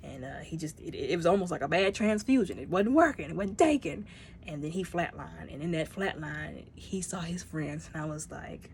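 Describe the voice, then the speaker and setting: A woman casually reviewing a movie, retelling scenes with lively, acted-out character lines. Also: deep voice, normal speed, slight background noise.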